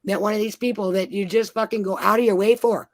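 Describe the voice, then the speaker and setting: A woman's voice: mid-range voice, steady tone, quick pace, no room sound. A woman venting in an angry, profane rant, swearing nearly every sentence.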